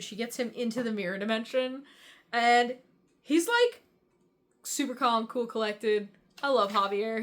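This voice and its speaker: A woman's voice: on the high side, a bit bright. A young woman giving a casual, rambling book breakdown, chatty and full of fillers and swearing. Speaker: book reviewer.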